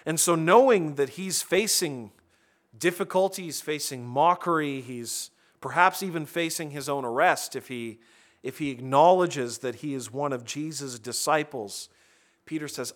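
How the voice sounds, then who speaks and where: A man delivers a sermon in a relaxed, conversational tone, his voice sitting a bit high for a man. He often starts a phrase over and turns to the congregation with quick asides. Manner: conversational preaching with frequent restarts and asides. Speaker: pastor.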